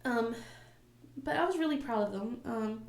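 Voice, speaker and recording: A woman's voice: fairly high pitch, expressive, normal speed, a little hiss or hum. A woman in her thirties chatting casually as a crafting channel host, rambling through a story with many fillers and a cough now and then. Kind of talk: casual chat. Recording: echoey room.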